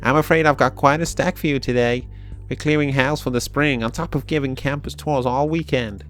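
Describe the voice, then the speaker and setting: A man's voice: medium pitch, a little fast, a bit bright, faint music behind, voice pushed up, close to an everyday voice. Man putting on a chirpy, nasal woman librarian. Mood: chirpy, brisk. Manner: exaggerated put-on accent, nasal and sing-song.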